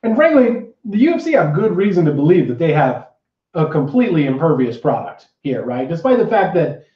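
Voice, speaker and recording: A man's voice: a little high, big pitch swings, brisk, distant mic. A man co-hosting a podcast, chatting casually and reading the show rundown with dry jokes. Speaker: podcast co-host. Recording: roomy, dull lo-fi sound.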